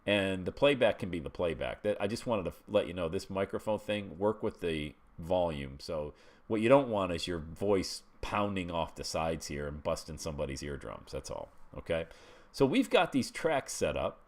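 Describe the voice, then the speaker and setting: Middle-aged guy, very low voice, chatty webinar walkthrough, keeps saying okay?. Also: expressive, moderate pace. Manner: chatty, walks listeners through steps with frequent "okay?". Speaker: webinar instructor. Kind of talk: screen-share tutorial.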